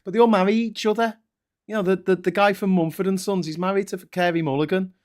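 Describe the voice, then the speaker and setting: A man's voice: high-pitched, steady tone, quick pace, darkish tone. A man from Liverpool with a Scouse accent, a guest on a live chat stream, ranting passionately with jokey asides. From Liverpool, England.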